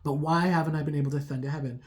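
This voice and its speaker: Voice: medium pitch, steady tone, very fast, darkish tone, close to an everyday voice. A casual storyteller voicing an old male wizard, talking in a plain, everyday way. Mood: yearning.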